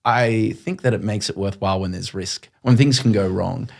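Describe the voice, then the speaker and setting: A middle-aged male presenter, a guest telling stories in a quick, animated way and acting out his own past lines. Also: lowish voice, gravelly. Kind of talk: conversational storytelling.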